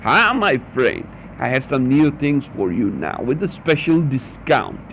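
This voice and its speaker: A man's voice: medium pitch, big pitch swings, measured pace, a bit bright. Man reading as a smiling greedy merchant. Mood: sly. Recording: muffled with faint hum.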